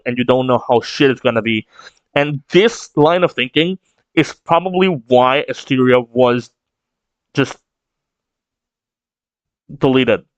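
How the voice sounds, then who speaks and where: A man's voice: a little high, no room sound, lo-fi sound. A man giving casual, rambling reaction commentary on a manga chapter, full of fillers and swearing.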